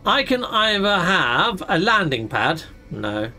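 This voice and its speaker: A man's voice: high-pitched, sing-song, slow, bright, forceful tone, soft background music. A man commentating his gameplay in a chatty, exclamatory way, swapping in mild substitutes for swear words. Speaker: gaming channel host.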